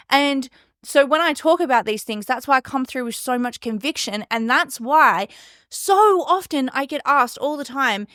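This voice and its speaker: Casting: young woman, solo podcast host, chatty and emphatic, fairly high voice, dry close sound. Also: a bit bright, no echo. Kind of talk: casual solo podcast talk.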